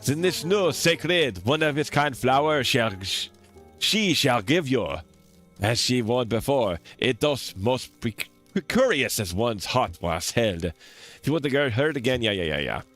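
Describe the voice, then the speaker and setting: A man voicing a grieving old female mourner in a game, in a put-on French accent, reading slowly and dramatically with stumbles. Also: medium pitch, expressive, fairly bright tone, faint music behind. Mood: mournful.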